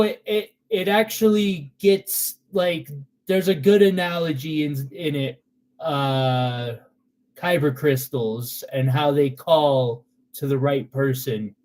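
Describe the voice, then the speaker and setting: A man with a somewhat high voice talks slowly and casually while selling gemstones on a live stream. He is chatty and sentimental, with loose fillers. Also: darkish tone. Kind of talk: casual live sales chat.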